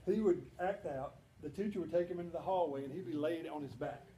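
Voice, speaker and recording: Quick-paced and fairly high-pitched, this man entertains a banquet with a conversational talk of humorous stories. He performs the quoted voices with animation, recorded in an echoey hall with faint ambience.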